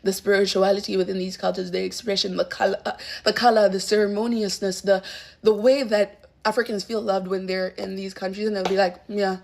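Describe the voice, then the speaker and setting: A woman muses aloud in a casual, thoughtful way, pausing and restating her points as she goes. Her mid-pitched voice carries a strong vocal fry. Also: flat delivery, a little mellow. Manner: thoughtful, searches for words, repeats herself. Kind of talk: reflective casual talk.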